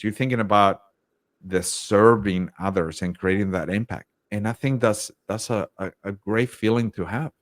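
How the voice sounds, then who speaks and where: A lowish male voice, upbeat and chatty, often acting out his own thoughts as little quotes. He talks like a leadership coach in a relaxed interview, recorded dry and close. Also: normal speed, dry recording. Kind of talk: casual interview talk.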